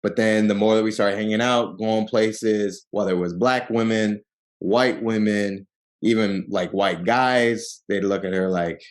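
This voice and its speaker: Low-voiced man telling stories in a relaxed way. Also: a little slow. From Seattle, Washington. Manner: relaxed storyteller who acts out quoted people with lively jumps in pitch; frequent fillers like "like" and "um". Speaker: podcast guest. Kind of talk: casual storytelling interview.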